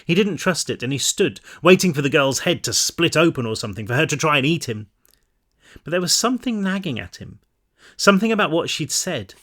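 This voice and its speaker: A man narrating his own novel in a measured reading, now and then dropping into relaxed asides to his listeners. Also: a little high. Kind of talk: audiobook-style read-through.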